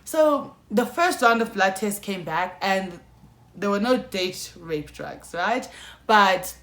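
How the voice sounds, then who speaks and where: A woman's voice: mid-range voice, takes it slowly. Young South African woman in an echoey room. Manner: animated, slangy, keeps addressing viewers. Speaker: YouTuber. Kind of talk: storytime vlog.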